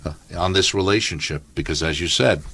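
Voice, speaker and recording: Male radio host, smooth segment intros, very deep voice. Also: brisk, a bit bright. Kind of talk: radio talk show hosting.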